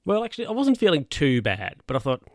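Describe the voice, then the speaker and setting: Quick-paced and high-pitched, this man's voice swoops wildly as he talks through a casual solo podcast episode. The studio sound is clean with no room tone, and he rambles chattily, frequently stopping to correct himself mid-sentence.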